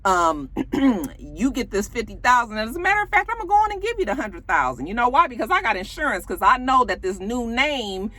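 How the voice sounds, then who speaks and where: A woman voicing a scheming, smooth-talking male politician with a condescending manner. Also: fairly high pitch, very animated, a little fast, bright, forceful tone, heavily acted.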